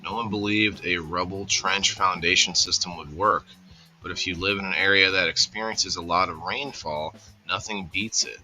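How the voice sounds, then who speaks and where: A man's voice: sits low, steady tone, moderate pace, pushed and bright, faint music behind. A man hosting a casual livestream, rambling in an easygoing way and greeting viewers by name. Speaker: livestream host.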